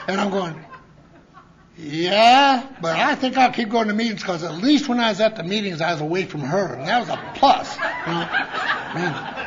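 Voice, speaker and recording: A man's voice: high voice, animated, unhurried, noisy background. A man at a conference, telling his recovery story in a folksy, rambling way, with many restarts, and acting out the voices of the people he quotes. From Montana. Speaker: conference speaker. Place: conference hall. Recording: lo-fi conference tape.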